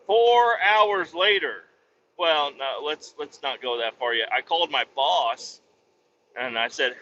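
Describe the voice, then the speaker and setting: A man's voice: a little high, animated, slow, sharp tone, lo-fi sound, a little hiss or hum. A man hosting a podcast, telling a rambling, profane anecdote with casual restarts. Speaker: podcast host. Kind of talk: casual storytelling.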